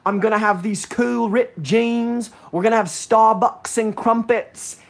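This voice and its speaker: A man's voice: high voice, steady tone, unhurried, pitched above the performer's own voice. A man putting on an exaggerated English accent to play a cheeky young British man. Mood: teasing. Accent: put-on English.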